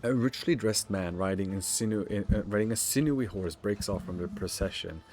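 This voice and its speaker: A man's voice: on the low side, a little fast, a little mellow, soft background music. A man streaming a role-playing game, chatting casually and reading the game's text aloud, often stumbling over words.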